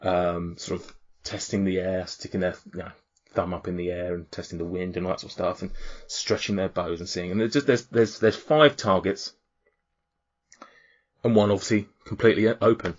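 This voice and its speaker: A man's voice: low voice, steady tone, moderate pace. A man narrating a tabletop game as game master, rambling with fillers and restarts. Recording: dull lo-fi audio.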